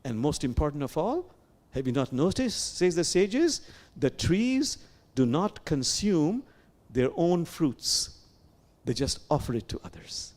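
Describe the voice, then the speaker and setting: A man leading a sermon as imam, speaking in an animated way with repeated phrases and questions to the listeners. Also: on the high side, measured pace. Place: sanctuary.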